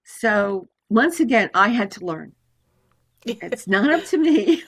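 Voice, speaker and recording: Older female astrologer, lively storyteller, laughs often, mid-range voice. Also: medium pitch, measured pace, gravelly, husky. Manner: animated, laughs often, acts out voices in her stories. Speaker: astrologer guest. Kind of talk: storytelling in a podcast interview.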